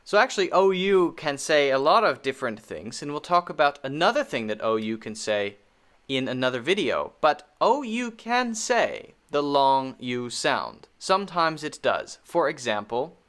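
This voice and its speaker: A man with an American accent teaching a pronunciation lesson, modeling vowel sounds slowly and repeating words for learners. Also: on the high side, very animated, a bit bright.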